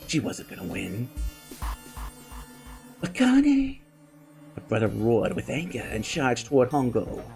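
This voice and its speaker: A man's voice: medium pitch, moderate pace, hardly any pauses, faint music behind. A man hosting a game playthrough, reading the story text aloud with blurted reactions. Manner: expressive, gravelly read-aloud with blurted reactions. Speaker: let's play host.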